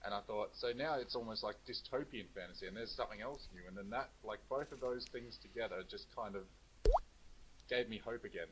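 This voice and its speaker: Young guy on a video call, lowish voice, faint hiss, lots of ums. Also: brisk. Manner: hesitant, lots of ums and uhs. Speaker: co-author. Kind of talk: casual chat.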